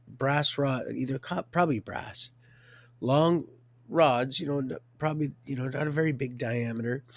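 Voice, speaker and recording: Man in his fifties, rambling storyteller, chuckles often, mid-pitched voice, dry close sound. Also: a little mellow, no echo. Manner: rambling, stops and restarts, chuckles a lot. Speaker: live streamer telling his life story.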